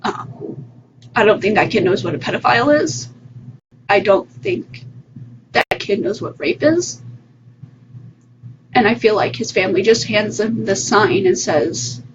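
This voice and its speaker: A woman's voice: mid-range voice, lively intonation, a little slow, pauses often, muffled recording, slight background noise. Earnest woman on a livestream. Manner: earnest, heartfelt, with many fillers. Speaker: vlogger giving her opinion. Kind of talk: casual opinion monologue. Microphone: phone livestream.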